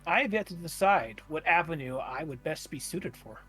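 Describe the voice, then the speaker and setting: A man's voice: fairly high pitch, animated, normal speed, sharp tone, breathy edge, soft background music, exaggerated voice. A man playing a stiff, formal robot. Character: polite formal male robot companion.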